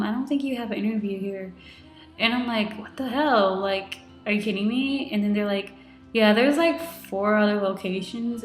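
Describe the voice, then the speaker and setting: Chatty young woman in an echoey room. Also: medium pitch. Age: 20s. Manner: chatty, lots of "like", retells with quoted reactions. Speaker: vlogger. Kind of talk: casual video diary.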